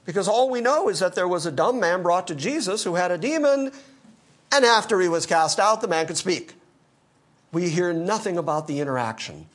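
A male pastor preaching an expository sermon, animated and teaching verse by verse, with dry humor. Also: sits high, normal speed. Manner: animated, quoting scripture in character, dry humor.

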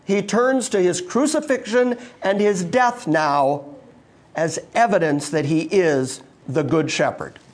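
A man's voice: high voice, slow. A man preaching a sermon to a live congregation, emphatic and full of rhetorical questions put to the listeners. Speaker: pastor.

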